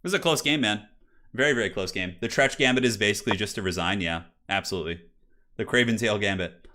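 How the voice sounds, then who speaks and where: Chatty low-voiced man commentating a stream. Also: fast talker, pushed and bright. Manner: chatty, jokey, reads chat aloud; loose fillers, swears casually. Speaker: stream host and chess commentator. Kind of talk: casual live-stream commentary.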